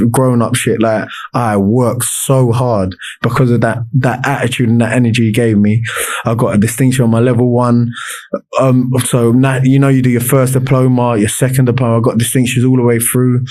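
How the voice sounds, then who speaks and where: A man's voice: mid-range voice, darkish tone. A man, a podcast guest telling his life story in casual talk, with many restarts and fillers.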